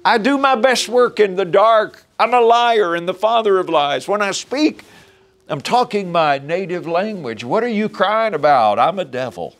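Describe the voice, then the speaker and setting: A preacher putting on a taunting high devil. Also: male voice, animated, moderate pace, fairly bright tone. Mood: mocking. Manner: taunting, unrepentant. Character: boastful mocking male devil, liar. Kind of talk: sermon illustration.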